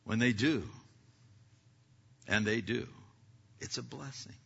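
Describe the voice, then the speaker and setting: A man preaching a sermon as pastor of his church, talking conversationally and swinging between loud passages and hushed ones. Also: mid-range voice, slow, creaky, husky. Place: church sanctuary. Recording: echoey hall, dull lo-fi sound.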